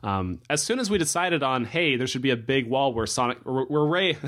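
A young man co-hosting a casual podcast, animated and joking, laughing often. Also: medium pitch, normal speed. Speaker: podcast co-host and comic artist.

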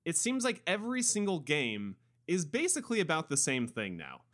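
A man's voice: on the high side, normal speed. A man co-hosting a casual podcast chat, emphatic and acting out little quotes as he talks. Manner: animated and emphatic, acts out quotes. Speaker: podcast co-host.

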